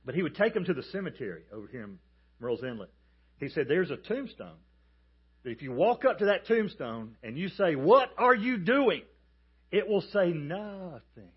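A man preaching a sermon as a pastor, emphatic and animated as he tells a story. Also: on the high side, a little fast, husky, highs cut off. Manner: emphatic, animated storytelling with calls for the congregation to repeat.

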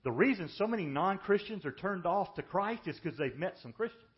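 Emphatic preacher, dull lo-fi audio. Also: male voice, high voice, expressive. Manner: emphatic preaching, drops to hushed, slow lines for weight. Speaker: pastor. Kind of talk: sermon.

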